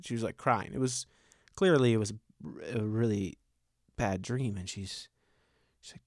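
A man's voice: lowish voice, fairly even intonation, moderate pace, a little mellow, no room sound. Male stand-up comic, thirties, rambling, self-mocking, chatty, dry close sound. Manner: rambling, self-deprecating, conversational. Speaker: stand-up comedian. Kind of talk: stand-up comedy set.

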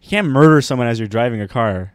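A man's voice: medium pitch, lively intonation, fast talker, clean tone, dry recording, clean studio sound. A man co-hosting a podcast in casual chat, reacting to the story and cutting in with jokes. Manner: reactive listener, joking interjections. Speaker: podcast co-host.

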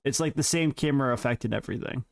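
A man's voice: mid-range voice, quick pace, creaky. A man co-hosting a podcast, reading prepared facts in casual, joking banter with his co-host. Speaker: podcast co-host presenting trivia.

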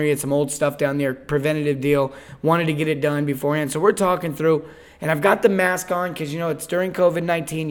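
A man hosting a sales podcast, telling a story in a casual, animated way with lots of restarts. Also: a little high. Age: adult, father of eight. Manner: animated, chatty, repeats himself. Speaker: podcast host and sales coach.

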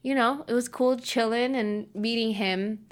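A woman's voice: on the high side, steady tone, a little slow. A woman hosting a podcast, chatty and self-mocking, often laughing in casual talk. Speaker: podcast host.

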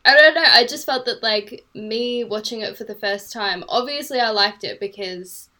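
A woman's voice: a little high, moderate pace, sharp tone. A young woman with an English accent, chatting as a podcast guest in a hedging, apologetic way, full of "like" and "I don't know". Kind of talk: casual chat.

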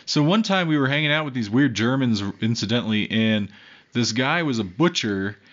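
A young man co-hosts a podcast, rambling, joking and swearing plenty while sharing one microphone with his co-host. His mid-range voice is expressive and a bit bright at a moderate pace, and the audio has a dull lo-fi quality.

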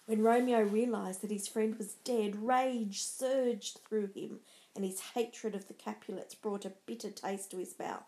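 A woman narrating a dramatic story in a measured storybook style. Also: medium pitch, fairly even intonation, warm tone.

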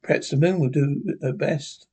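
A man's voice: on the high side, normal speed, a little mellow, slightly rough. A man reading a horror story aloud, voicing a grave wandering man who speaks dryly, with a mocking edge. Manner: grave and dry.

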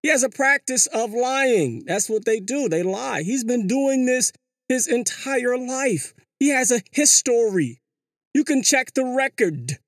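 A vlogger giving a casual monologue commentary. The delivery is animated and sing-song, full of slang, rhetorical questions and repeated words. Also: medium pitch, a little slow, dry recording, studio quality. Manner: slangy, says "yo" and "you know" often. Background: hip hop music.

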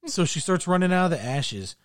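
A man's voice: sing-song, a little fast. Crude, gleeful man telling stories. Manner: crude, gleeful storytelling, drops voice low for punchlines. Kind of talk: casual chat.

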